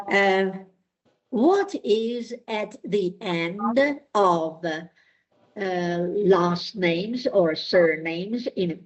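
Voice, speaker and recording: A woman teaching a language class at an unhurried pace. She explains patiently and pauses often on fillers. Her voice sits at an ordinary middle pitch. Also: lo-fi sound. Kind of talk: classroom lesson.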